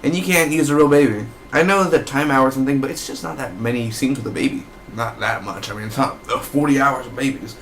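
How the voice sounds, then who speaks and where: A man's voice: medium pitch, quick pace, few pauses, fairly bright tone, slight background noise. A young man giving a casual, rambling movie review, enthusiastic and swearing freely. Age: young adult.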